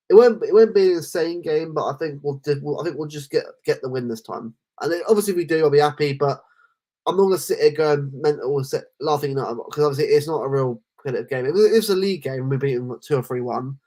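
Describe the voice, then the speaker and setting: A man co-hosting a casual football podcast, talking in animated rants full of restarts. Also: mid-range voice. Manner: animated, ranting, lots of restarts. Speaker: podcast co-host.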